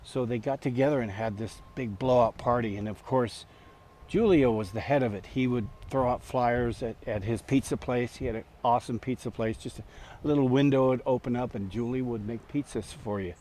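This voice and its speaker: A man's voice: medium pitch, brisk, darkish tone, slight background noise. Rambling older man telling stories outdoors. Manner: rambling, chuckling, with frequent fillers and restarts. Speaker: storyteller. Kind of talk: casual spoken storytelling.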